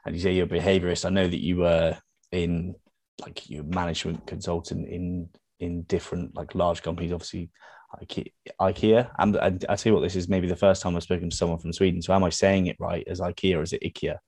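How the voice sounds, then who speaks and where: Casual male podcast host, very low voice, dry close sound. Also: flat delivery, fast, darkish tone, no echo. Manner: casual, easygoing, many fillers. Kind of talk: casual interview talk.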